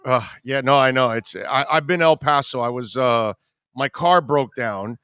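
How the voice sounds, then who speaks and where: A middle-aged man hosting a radio show, telling a long story in casual chat, rambling and animated with many restarts. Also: mid-range voice, moderate pace, clear, resonant tone, dry recording.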